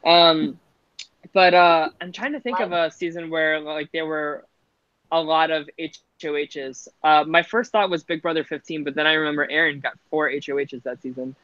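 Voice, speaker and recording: A man's voice: on the high side, steady tone, normal speed, bright, forceful tone, clear, resonant tone, no echo. A man co-hosting a casual live-stream chat, hesitant with many fillers. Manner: hesitant, lots of ums and likes. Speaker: podcast co-host. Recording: dry muffled lo-fi audio.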